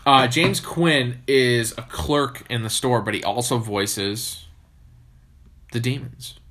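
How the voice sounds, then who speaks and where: A young man co-hosting a horror movie podcast, chatting casually, swearing constantly and laughing loudly. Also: mid-range voice, fairly even intonation, slow pace. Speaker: podcast co-host. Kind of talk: casual profane chat.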